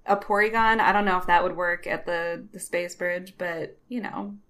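A woman co-hosting a podcast, chatting casually about a show she watched, laughing often and acting out bits of dialogue in quick put-on voices. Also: on the low side, fairly even intonation, a bit bright. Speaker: podcast co-host. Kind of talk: casual recap chat.

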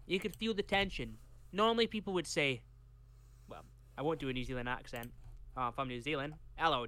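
A man's voice: medium pitch, bright, forceful tone, clear, resonant tone, no room sound. A Scottish man co-hosting a podcast, reading case notes from a script and breaking off for chatty tangents. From Scotland. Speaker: podcast co-host.

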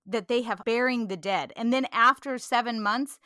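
Bright-voiced woman, earnest and animated. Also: on the high side, normal speed, no echo, studio quality. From California. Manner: earnest, animated, laughs easily. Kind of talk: casual religious discussion.

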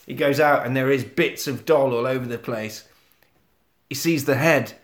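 A man co-hosting a podcast, recapping a film in casual chat as an animated storyteller who swears freely. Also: medium pitch, normal speed. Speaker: podcast co-host. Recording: echoey room.

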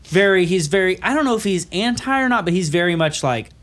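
Higher-voiced man telling a story. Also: animated, fast talker, a bit bright. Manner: storytelling, laughs between lines, loses his thread. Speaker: podcast co-host. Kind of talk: casual chat.

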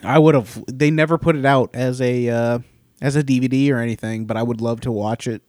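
A man's voice: medium pitch, fairly even intonation, fairly quick, a little mellow, no room sound, studio quality. A man chatting casually about films with a friend, swearing freely and often trailing off to restart his sentences. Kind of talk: casual chat.

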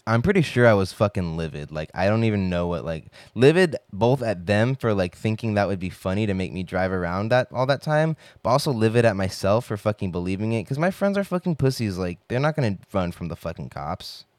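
A man's voice: lowish voice, expressive, brisk, few pauses, a little mellow, no room sound, studio quality. A young man telling stories in a casual podcast monologue, rambling and swearing with lots of filler words.

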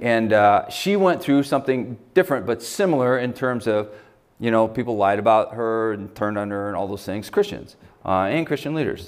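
A pastor with an American accent delivers a conversational sermon, swinging between loud, emphatic lines and hushed, quiet quotations. His voice sits in the mid range, with slight background noise.

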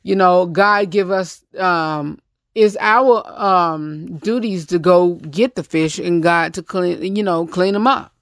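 A man's voice: sits high, takes it slowly, a bit bright, no room sound, studio quality. A man with a Southern US accent hosting a casual talk segment, speaking bluntly and rambling with many restarts. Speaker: host.

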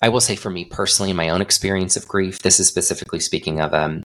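A man's voice: sits low, very fast, fairly bright tone. A young adult man hosting a solo podcast, talking in an earnest, reflective way with frequent restarts. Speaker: podcast host.

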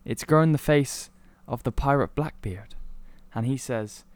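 A man's voice: mid-range voice, a little slow, no echo. A young man from Cornwall, a podcast co-host, rambling through a made-up story with lots of ums. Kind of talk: casual chat, telling a made-up story.

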